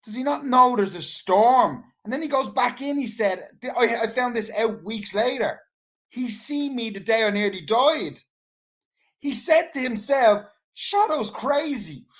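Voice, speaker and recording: A man with an Irish accent telling a casual anecdote in an animated, rambling way, full of swearing. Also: extremely high pitch. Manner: animated, profane, rambling storyteller.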